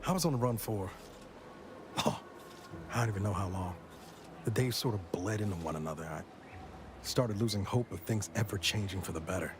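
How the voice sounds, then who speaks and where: A man's voice: on the low side, brisk, pauses often, background noise, close to an everyday voice. A man playing a weary male space agent, speaking in a dry, wry, reflective way in game dialogue. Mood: wistful. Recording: game audio with music behind.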